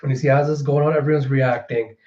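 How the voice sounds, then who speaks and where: Animated man recapping in a mellow voice. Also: medium pitch, fast talker. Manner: animated, retelling with frequent fillers. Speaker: manga reviewer. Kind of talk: casual reaction commentary. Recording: roomy, slightly dull recording.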